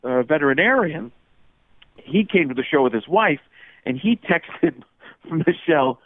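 A man tells stories on a call, lively and quick to slip into other voices. His line sounds thin and phone-like, with no room around it. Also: a little high, dry recording. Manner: animated, jumps into voices and impressions. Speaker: guest impressionist. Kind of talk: casual phone-in chat.

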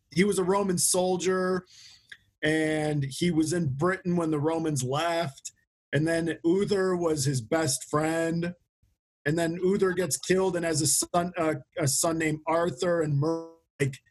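A man's voice: on the high side, husky. A man chatting casually on a podcast, rambling with restarts and fillers as he describes a book. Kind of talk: casual chat.

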